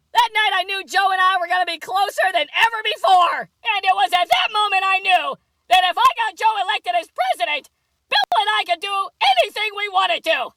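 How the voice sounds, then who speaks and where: A woman's voice: extremely high pitch, animated, normal speed, sharp tone, no echo, exaggerated voice. A woman doing a comedy sketch impression of a scheming female politician, confiding and oblivious. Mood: smug.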